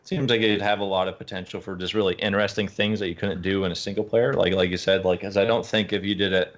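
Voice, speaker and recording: Male co-host with a deep voice, foul-mouthed and rambly, on a dull recording. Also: steady tone, fast talker. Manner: loose and profane, lots of "like". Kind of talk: casual chat.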